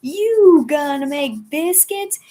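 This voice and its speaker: A woman voicing a hyperactive, silly little robot boy in a squeaky, shrieking voice. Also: lively intonation, slow pace, warm tone. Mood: pestering.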